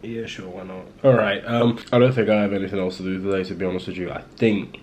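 Chatting casually to his camera indoors at home, a young Liverpool vlogger rambles, mocks himself, and keeps restarting amid fillers. His voice is deep, level, quick and a little mellow, but the audio is poor, with a little hiss or hum.

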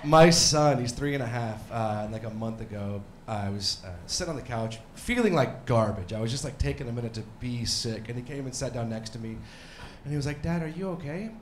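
A man's voice: medium pitch, brisk, slight background noise. Rambling man doing stand-up in a roomy club. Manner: rambling, self-deprecating, bursts into mock yelling. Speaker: stand-up comedian. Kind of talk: stand-up comedy set. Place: comedy club stage. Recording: roomy club with faint crowd ambience.

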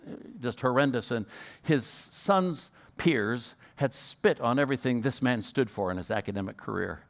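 A man's voice: mid-range voice, normal speed, vocal fry. An older man preaching a storytelling sermon, who stutters now and then and repeats his words. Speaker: guest preacher.

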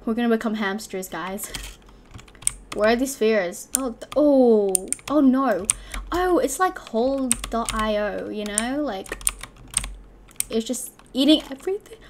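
A young woman chatters through live gameplay commentary, breaking into loud excited yelps and muttering to herself between rounds. Her voice sits a touch high, with a faint hiss of noise underneath. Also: measured pace. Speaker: gaming channel host.

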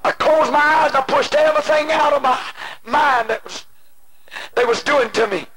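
A male preacher delivering an impassioned sermon, moving between shouted pleading and hushed personal storytelling. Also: very high voice, steady tone, moderate pace. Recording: noisy old cassette tape.

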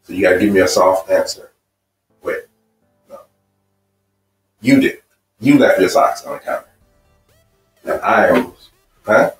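A man's voice: low voice, a little slow, pauses often. A man leads a marriage seminar in a roomy, echoing hall and speaks from some distance off the mic. He asks his audience question after question. Faint music hums underneath. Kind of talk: church seminar teaching. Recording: echoey room, voice from afar, faint music.

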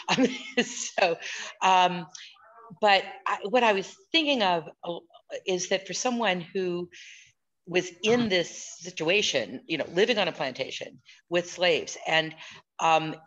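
A woman who teaches political science, speaking on a video call in a thoughtful, halting way with many fillers and restarts. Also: on the low side, fairly bright tone, muffled recording. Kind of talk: casual discussion.

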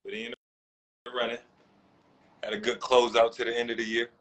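A man's voice: medium pitch, big pitch swings, a little fast, gravelly, a bit bright, rough recording. A man co-hosting a casual chat about rap battles, laid-back and repeating his points. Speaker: co-host reviewing battles.

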